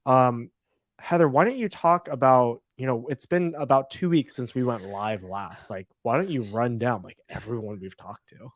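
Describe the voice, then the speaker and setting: A man co-hosts a live-stream podcast, chatting loosely, laughing often, and rambling with restarts. His mid-range voice moves at normal speed, recorded with clean studio sound and no room noise.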